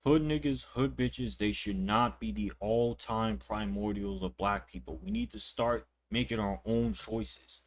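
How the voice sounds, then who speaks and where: A young man hosting a reaction video, ranting with indignation and plenty of swearing. His voice sits on the low side, and he often repeats words and restarts his sentences as he talks. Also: unhurried, hardly any pauses, slight background noise. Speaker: reaction channel host. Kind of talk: reaction commentary.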